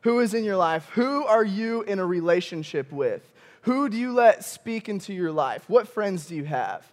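A young male campus pastor from Michigan, preaching a sermon with animated storytelling, often chuckling and calling out to the congregation. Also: sits high, moderate pace. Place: church auditorium.

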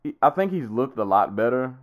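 A man's voice: mid-range voice, big pitch swings, fairly quick. A man co-hosting a podcast, chatting casually about a fight in a rambling, easygoing way with lots of fillers and restarts. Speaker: podcast co-host. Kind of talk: casual sports chat.

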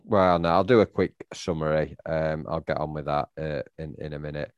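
A man's voice: rumbling low, steady tone, normal speed, clear, resonant tone, no room sound, lo-fi sound. A man co-hosting a podcast, wry and joking, often stammering over his words. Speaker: podcast co-host. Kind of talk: casual chat.

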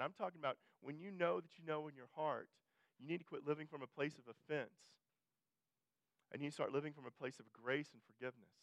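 A man's voice: medium pitch, a bit bright, dry recording, highs cut off. A male pastor preaching a sermon in a conversational way, often restarting and repeating phrases and pushing his voice up for emphasis.

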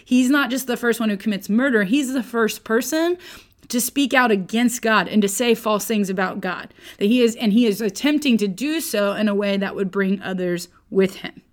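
A woman's voice: a little high, normal speed. A woman teaching a casual Bible lesson, conversational and playful, who often checks in with her listeners. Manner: conversational, keeps checking in with "okay?", playful asides.

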